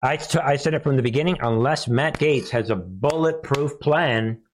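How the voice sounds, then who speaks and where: A man's voice: medium pitch, moderate pace, a little hiss or hum. Chuckling man hosting political commentary. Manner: animated, chuckling often, addresses viewers as folks. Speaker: political commentary channel host.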